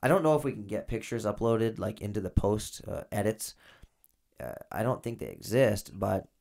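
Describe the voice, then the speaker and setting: A man's voice: lowish voice, expressive, moderate pace, creaky, darkish tone. A man co-hosting a podcast, telling loose, filler-heavy stories in casual chat. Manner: rambling, filler-heavy storytelling. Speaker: podcast co-host, former inmate.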